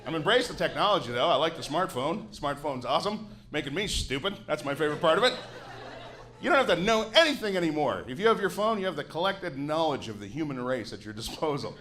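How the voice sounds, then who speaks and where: A man's voice: on the high side, sing-song, fast, a bit bright. A man in his forties, a Canadian comedian, doing a grouchy, sardonic stand-up set with plenty of swearing on a club stage into a handheld mic. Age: 40s.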